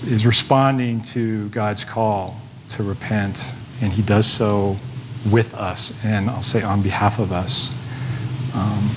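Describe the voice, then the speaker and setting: A man preaching a sermon in a relaxed, conversational way, often restarting his sentences and pausing on fillers. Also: on the low side, slight background noise.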